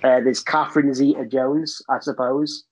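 A man's voice: mid-range voice, flat delivery, normal speed, a little mellow, low-quality recording. A man from England with an English accent, talking casually as a podcast guest, blunt and rambling, swearing freely. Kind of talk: casual chat.

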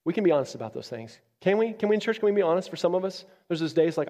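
A man preaching a sermon as a pastor, moving from loud, emphatic peaks down to quiet, low passages. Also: big pitch swings, racing, hardly any pauses, big-room sound. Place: church.

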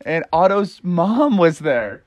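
A young woman telling an improvised storybook adventure to children in a lively, playful way. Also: lowish voice, slow pace, no room sound.

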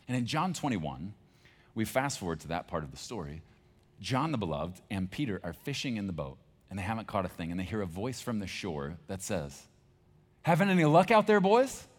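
A man's voice: sits low, big pitch swings, normal speed. A male pastor preaching a sermon in a conversational, emphatic storytelling manner.

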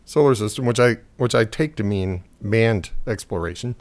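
A man's voice: on the low side, moderate pace, darkish tone. A man co-hosting a casual podcast chat, rambling through jokes and opinions and laughing often. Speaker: podcast co-host.

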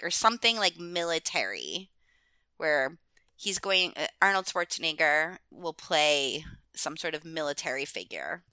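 A woman guesting on a podcast chats casually, rambling, laughing often, and filling her talk with "like." Her deep voice is bright, forceful, clear, and resonant, with no echo.

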